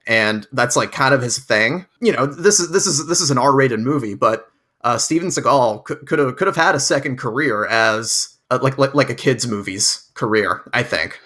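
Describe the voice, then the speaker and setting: A man chatting casually on a podcast, rambling with many fillers while he thinks out loud. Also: mid-range voice, moderate pace. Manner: rambling, filler-heavy, reflective.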